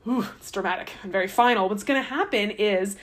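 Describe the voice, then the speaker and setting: A woman's voice: medium pitch, brisk, lightly acted. A woman voicing a sly, chatty male snake tempter who teases and drops into conspiratorial whispers.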